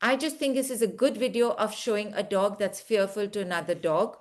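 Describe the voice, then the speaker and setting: A woman's voice: medium pitch, steady tone, brisk. A woman teaching an online dog behaviour course, earnestly acting out what fearful dogs are thinking. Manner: earnest, acts out dogs' thoughts in first person.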